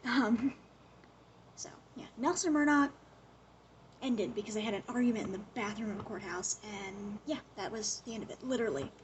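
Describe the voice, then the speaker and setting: A young woman in casual chat, recapping a TV show in an animated way, with lots of "like" and acted-out quotes. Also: mid-range voice, normal speed, slight background noise. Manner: chatty, animated retelling full of "like" and acted-out quotes.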